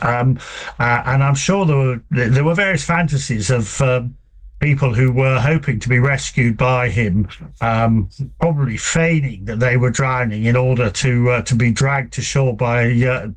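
A man, a book author answering interview questions in a relaxed, hesitant way with many fillers. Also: mid-range voice. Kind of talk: conversational interview.

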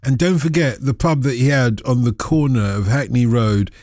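A man's voice: mid-range voice, moderate pace, a little mellow, no room sound, clean studio sound. A man hosting a radio football phone-in, casual and jokey, breaking into jingles and silly voices.

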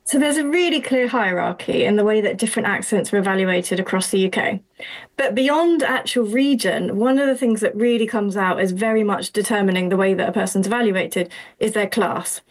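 A woman's voice: medium pitch, fairly quick. Woman with an Essex accent explaining research. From Essex, England. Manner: thoughtful, explanatory, uses fillers like 'kind of'. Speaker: academic guest. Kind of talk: interview explanation.

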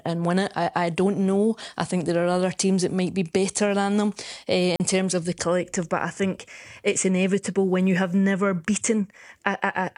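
Measured woman football pundit. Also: on the low side, darkish tone, no room sound, clean studio sound. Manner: measured, repeats words while thinking. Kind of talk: studio analysis.

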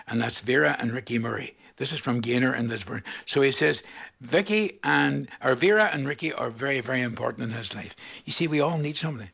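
A man in his seventies with a Northern Irish accent, presenting a radio show in casual, jokey, rambling chat full of shout-outs to listeners. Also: mid-range voice, creaky, husky. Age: 70s.

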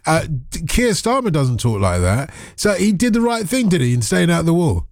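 A man's voice: fairly high pitch, sing-song, moderate pace, dry recording, clean studio sound. A man hosting a radio phone-in, chatting casually and teasing callers with thinking-aloud asides. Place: radio studio.

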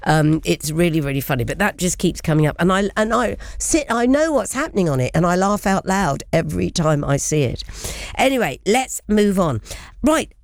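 A middle-aged woman hosts a relaxed panel conversation, chatty and quick to laugh, dropping little apologies as she goes. Her voice sits a bit low for a woman. The sound is close and dry. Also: vocal fry, dry recording. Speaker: host. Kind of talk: casual radio panel chat.

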